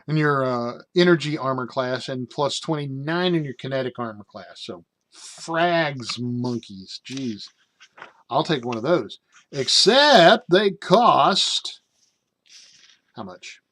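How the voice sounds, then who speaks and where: A man's voice: mid-range voice, a little slow, long pauses. A man casually reviewing a game rulebook, reading passages aloud and breaking off into rambling jokey asides full of fillers.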